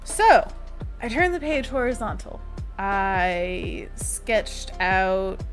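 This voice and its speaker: A bubbly, giggly woman talks her way through a drawing livestream, chatting easily with her viewers. Her voice sits at an ordinary middle pitch, and faint music plays softly behind her. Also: very animated, very slow. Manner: bubbly, giggly, chatty, reads chat aloud. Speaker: art livestream host. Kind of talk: casual livestream chat while drawing. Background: faint background music.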